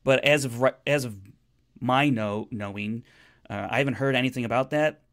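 A man co-hosting a podcast in casual chat, animated and often restarting his sentences. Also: mid-range voice, normal speed. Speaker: podcast co-host.

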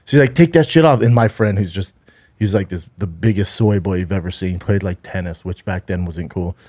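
A man's voice: low-pitched, steady tone, a little fast, darkish tone. Laughing man telling a wild story. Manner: laughing, acts out voices, swears a lot. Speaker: podcast co-host. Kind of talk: casual storytelling chat.

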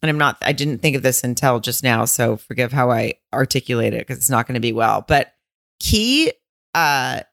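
A woman co-hosting a chatty podcast, talking bluntly with rambling asides and frequent swearing. Her voice sits very low. The sound is dry and close on the mic. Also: expressive, moderate pace, gravelly, a bit bright, no echo. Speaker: podcast co-host. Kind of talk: casual chat.

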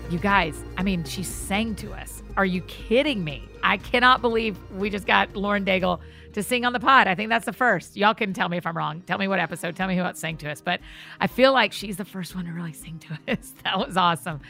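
A woman's voice: medium pitch, brisk, vocal fry, bright, forceful tone, faint music behind. A woman hosting a podcast, chatty and effusive as she talks to her guest and listeners. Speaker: podcast host. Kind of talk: casual podcast interview and outro.

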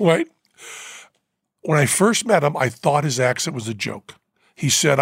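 A man with a gravelly, husky voice, pitched a bit high, spins a rambling anecdote full of fillers and laughter. The recording is close and dry. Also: lively intonation, normal speed, pauses often, fairly bright tone, dry recording. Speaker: podcast host. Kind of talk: casual storytelling. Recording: dry close studio mic.

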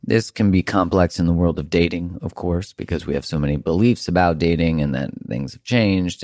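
A man's voice: deep voice, normal speed, few pauses, a little mellow, dry recording, clean studio sound. A man hosting a podcast, talking earnestly and emphatically in a reflective monologue, with the odd casual swear. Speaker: podcast host.

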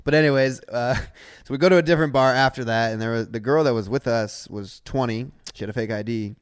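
A man's voice: mid-range voice, fairly quick, clear, resonant tone, no room sound. Laughing young man, dry close sound. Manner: laughs often, relaxed storytelling. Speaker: podcast co-host. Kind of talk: casual storytelling chat.

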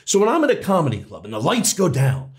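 Brief: man, comedian guest, fairly high voice with lively swings, rambling and profane. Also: fast talker. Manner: animated, rambling, restarts and swears. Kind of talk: casual interview chat.

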